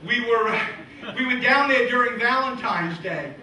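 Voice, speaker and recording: A middle-aged man tells deadpan jokes in a high, sharply bright voice. He slips into his old relatives' voices as the punchlines come. He is picked up from a distance in an echoey room with a faint hiss. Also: unhurried. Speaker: comedian and magician. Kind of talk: stand-up comedy and magic routine. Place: live show venue.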